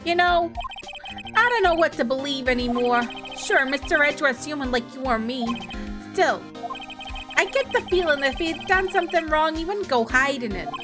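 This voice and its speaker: A woman voicing a gruff, loyal male police detective who calls everyone pal, reading game dialogue aloud. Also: sits high, expressive, normal speed, over music. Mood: earnest. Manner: folksy, calls people pal.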